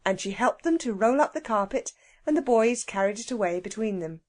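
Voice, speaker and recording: A woman narrating a children's audiobook with an expressive, animated reading. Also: fairly high pitch, brisk.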